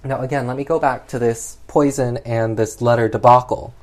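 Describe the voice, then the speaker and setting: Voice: mid-range voice, steady tone, moderate pace, a little mellow. Chatty exasperated film recapper. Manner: chatty, exasperated, heavy use of "like". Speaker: film reviewer.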